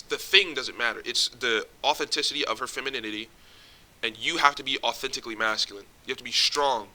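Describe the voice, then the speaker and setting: Bright-voiced young man giving blunt advice. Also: medium pitch, low-quality recording. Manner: blunt, swears a lot, streetwise slang. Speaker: vlogger giving relationship advice. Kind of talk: casual direct-to-camera advice.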